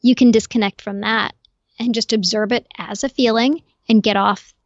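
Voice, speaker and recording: A woman guest on a podcast, explaining calmly and clearly in an instructive way. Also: a little high, moderate pace, dry recording, dull audio. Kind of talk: explanatory interview talk.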